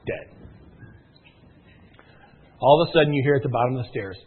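A man telling a movie plot as a comedy bit, an excitable storyteller who gets louder and shouts as it builds. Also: medium pitch, a little fast, long pauses, background noise. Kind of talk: comic retelling of a movie plot. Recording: thin phone-like sound.

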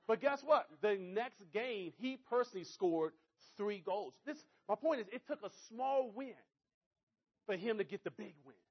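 A high-pitched man delivers an energetic motivational talk, repeatedly checking in with his listeners. The recording is dull and lo-fi, with muffled highs. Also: normal speed, slightly rough. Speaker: motivational speaker.

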